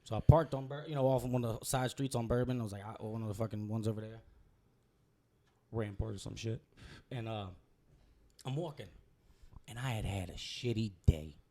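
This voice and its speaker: A young man, a guest comedian telling a loose, profane story while high. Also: brisk, pauses often, warm tone. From Louisiana. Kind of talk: casual storytelling.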